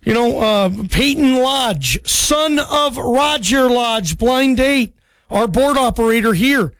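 A man's voice: extremely high pitch, expressive, slow, a bit bright, dry recording. A man hosting a sports radio call-in show, chatty and friendly, firing off eager questions.

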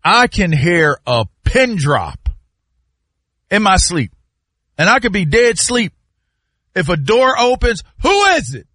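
A man in casual chat, telling animated stories with sudden loud outbursts. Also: sits high, slow pace, pauses often, breathy edge, no echo, clean studio sound.

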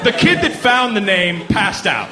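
Excitable high-voiced male comic. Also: a little slow, a loud crowd. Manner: excitable storytelling, breaks into loud exclamations. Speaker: stand-up comedian. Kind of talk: stand-up comedy. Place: comedy club stage. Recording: noisy live stage recording.

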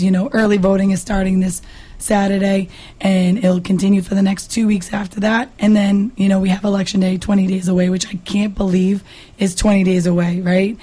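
A hoarse woman from Massachusetts with a raspy voice, a state representative talking earnestly as a guest in a radio interview, with many fillers and restarts. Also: medium pitch, level tone, fairly quick, dark tone. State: hoarse, lost her voice.

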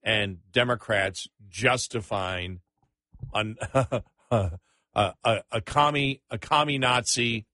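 A male talk radio host talks politics in a bright, pushy tone. He sounds incredulous and stammers into restarts. The studio sound is close and dry. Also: fairly low pitch, slow pace, no room sound.

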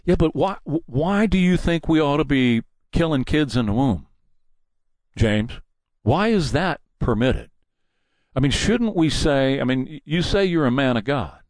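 A man's voice: on the high side, a little mellow, dry recording. A man hosting a combative, mocking political commentary monologue.

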